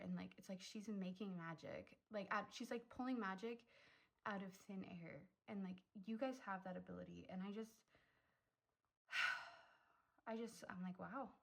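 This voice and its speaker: A woman's voice: medium pitch, creaky, rough recording. A young woman giving a casual pick-a-card tarot reading, chatty and effusive, filling her talk with "um" and "like" and getting emotional. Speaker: tarot reader.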